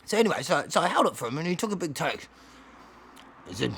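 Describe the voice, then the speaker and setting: A man's voice: on the high side, big pitch swings, fast, a bit bright, breathy edge. A man telling a comic story in a casual, rambling, profane way. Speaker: comedic storyteller. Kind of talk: comedic storytelling.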